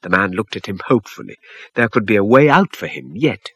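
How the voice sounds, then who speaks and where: A man tells a devotional story in a solemn, expressive way. His voice is low and husky with lively intonation. It is recorded dry and close. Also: brisk, no room sound. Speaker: narrator. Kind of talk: scripted story narration.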